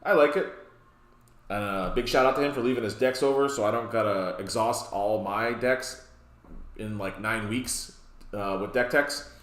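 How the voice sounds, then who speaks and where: A man's voice: fairly low pitch, moderate pace. A man hosting a casual card game deck walkthrough, rambling with joking asides. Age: adult, past his youth. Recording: roomy echo.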